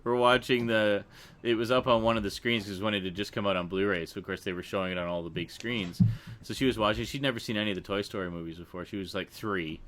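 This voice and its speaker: Livestream host, male, low voice, lively storyteller who laughs a lot. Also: fast talker, a little hiss or hum. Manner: animated storyteller, laughs often. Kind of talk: casual chat.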